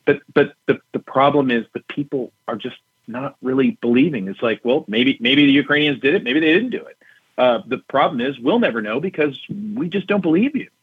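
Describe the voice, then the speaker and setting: Retired general on a tinny phone line. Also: male voice, medium pitch, lively intonation, brisk, dry recording. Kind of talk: political talk show interview. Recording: husky phone-line audio.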